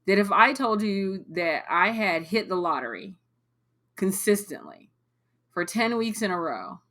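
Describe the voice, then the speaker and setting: Blunt, bright-voiced woman sales coach. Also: lowish voice. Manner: blunt, animated, swears, mimics clients. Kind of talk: live coaching call, blunt rant.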